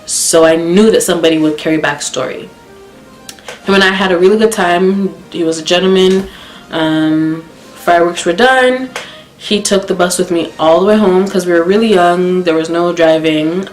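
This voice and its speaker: A young woman from Canada with a low voice tells a story in a blunt, profane, animated way. She speaks in an echoey room, with faint music playing underneath. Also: normal speed. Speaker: vlogger. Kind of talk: casual storytime.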